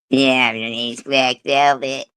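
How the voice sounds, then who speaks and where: A woman's voice: rumbling low, fairly bright tone, clean tone, no room sound. A woman hosting a casual live stream, giggling often, swearing freely and breaking into playful bits of song. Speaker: livestream host.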